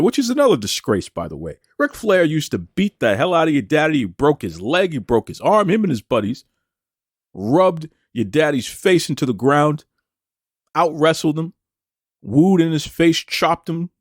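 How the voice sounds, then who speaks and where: Combative and taunting, a male wrestling-show host rants his opinions and throws out rhetorical question after rhetorical question. His voice is slightly high, and the studio recording is dry and clean.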